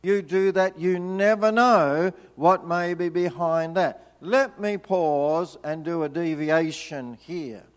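Unhurried older preacher in a reverberant hall. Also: male voice, fairly high pitch. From Tasmania, Australia. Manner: chatty and humorous, with wry asides. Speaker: visiting preacher. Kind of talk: storytelling sermon. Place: church hall.

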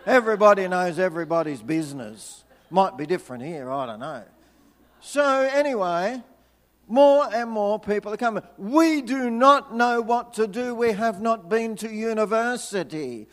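A man's voice: sits high, lively intonation, moderate pace, fairly bright tone. An older man, from Tasmania, preaching a storytelling sermon with chatty, humorous asides. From Tasmania, Australia. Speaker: visiting preacher. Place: church hall. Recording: long reverb of a hall.

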